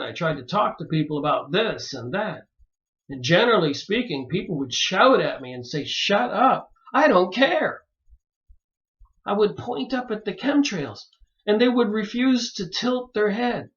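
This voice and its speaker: Brief: man with a high voice, emphatic monologue, dull lo-fi sound. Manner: emphatic, rising to pleading exclamations. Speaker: video maker reviewing books. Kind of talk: monologue to camera.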